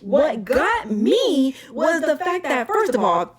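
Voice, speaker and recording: Animated woman ranting, crowd behind. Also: sits high, takes it slowly. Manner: animated, emphatic ranting with frequent "okay?" asides. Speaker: podcast host. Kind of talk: casual chat.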